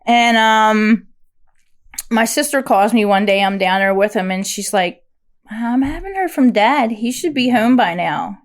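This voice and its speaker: A woman's voice: on the high side, unhurried. A woman sharing her recovery story on a podcast, speaking candidly, with many fillers and restarts.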